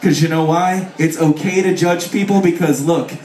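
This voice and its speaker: A man shouting profane jokes in an echoey club. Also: on the high side, fairly even intonation, normal speed. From Chicago area. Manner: loud, swearing, mock voices, shouting to the crowd. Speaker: author speaking at a music festival. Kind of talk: profane comic stage talk to a crowd. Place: festival stage at a bar venue. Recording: echoey live venue, mic heard from a distance.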